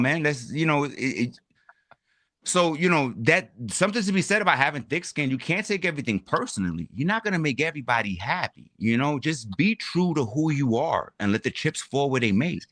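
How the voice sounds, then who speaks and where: Animated man with lively pitch. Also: fairly quick, no room sound. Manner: animated, repeats "my brother" and "you know what I'm saying". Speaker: guest toy creator. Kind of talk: casual livestream chat.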